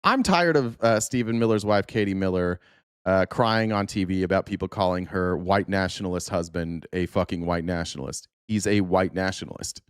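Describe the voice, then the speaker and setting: A man's voice: deep voice, normal speed, clean tone, no echo. Fiery American male host, cursing and mocking political foes, dry close sound. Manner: profane, angry, mocking. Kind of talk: livestream political rant.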